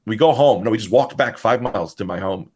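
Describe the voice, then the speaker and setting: A man co-hosting a podcast, telling a profane, animated story in casual chat. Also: lowish voice, brisk, husky. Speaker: podcast co-host.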